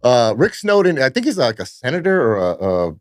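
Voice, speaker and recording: Very animated and a little fast, his mid-range voice comes through a dry, clean studio recording. This Fresno nightclub promoter tells long, cursing, meandering stories on a podcast, sprinkling in "blah, blah, blah."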